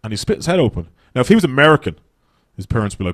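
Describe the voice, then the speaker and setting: Fast-talking, foul-mouthed Dublin comic. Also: male voice, mid-range voice, sing-song, no echo. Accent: Dublin Irish. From Dublin, Ireland. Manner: profane, blunt, rapid-fire. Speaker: stand-up comedian. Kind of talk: stand-up comedy set. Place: comedy stage.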